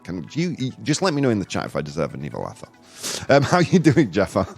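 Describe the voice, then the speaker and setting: Jokey, lively-voiced man hosting a podcast. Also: lowish voice, fast talker, vocal fry, husky, faint music behind. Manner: jokey and rambling, laughs at his own jokes. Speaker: podcast host. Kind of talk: casual live-streamed news chat.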